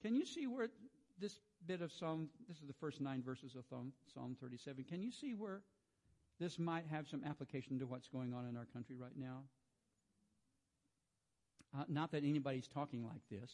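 A man giving a devotional sermon. He reads scripture in a soft, hushed voice, then urges his listeners on with rising emphasis, clearing his throat often. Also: medium pitch, animated, normal speed. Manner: frequent throat clearing and restarts. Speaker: preacher.

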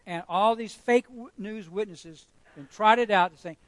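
A man's voice: sits high, a little slow, hardly any pauses, no room sound, rough recording. A man preaching a sermon as pastor, emphatic and storytelling, repeating phrases for effect.

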